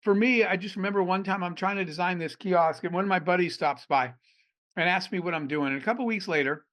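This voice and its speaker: A middle-aged man from Arizona, an entrepreneur guest on a podcast, telling animated stories and acting out the dialogue. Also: high voice, fast. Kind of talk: storytelling in a podcast interview.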